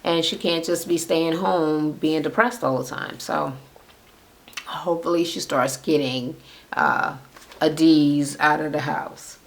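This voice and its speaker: Speaking to camera, a woman recaps a reality show in loose, foul-mouthed chatter, blunt and sarcastic throughout. Her voice sits low with fairly even intonation and some vocal fry, and she takes her time.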